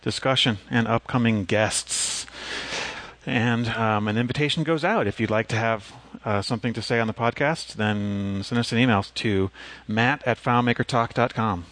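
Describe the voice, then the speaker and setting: A man's voice: mid-range voice, normal speed, fairly bright tone, no room sound. A man co-hosting a podcast in casual chat, laid-back and joking. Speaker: podcast co-host.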